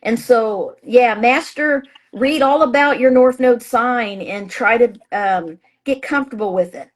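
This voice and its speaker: A woman with a voice pitched a little high talks as a guest astrologer in a relaxed interview. She speaks in a chatty, emphatic way, restarting sentences and filling pauses as she goes. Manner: acts out her own past thoughts in a raised voice. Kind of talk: casual interview talk.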